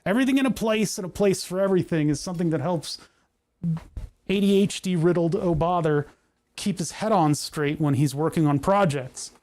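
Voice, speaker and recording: A man chats casually on a livestream, thinking aloud in a rambling, self-deprecating way. His voice sits a bit high for a man, and the sound is close and dry. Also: moderate pace, darkish tone, no room sound. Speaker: livestream host. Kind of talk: casual livestream chat while repairing.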